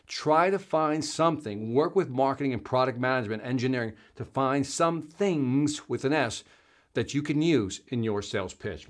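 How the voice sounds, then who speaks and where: A middle-aged man hosting a live sales stream, reacting to viewer comments in a loose, animated way. He talks in an easy, chatty manner and keeps calling his listeners man and brother. His voice sits in an ordinary middle register. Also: mid-range voice. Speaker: host of a live sales show.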